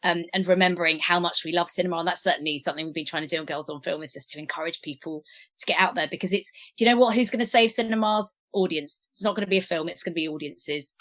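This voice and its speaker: A woman's voice: fairly low pitch, fast talker, fairly bright tone. A woman film critic speaking as a podcast guest, earnest and emphatic. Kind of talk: casual chat.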